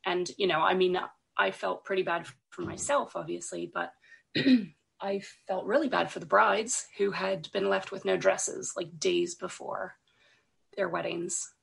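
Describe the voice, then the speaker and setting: A woman, croaky from a cold, talking as a podcast guest, hesitant, with many ums and restarts. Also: fairly low pitch, fairly even intonation, unhurried, fairly bright tone. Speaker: podcast guest, illustrator and designer. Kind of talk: casual interview talk.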